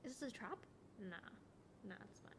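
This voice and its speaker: A woman's voice: medium pitch, animated, normal speed, crowd noise. A woman giving joking, playful reaction commentary over a game. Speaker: gameplay streamer. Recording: loud noise with clicks.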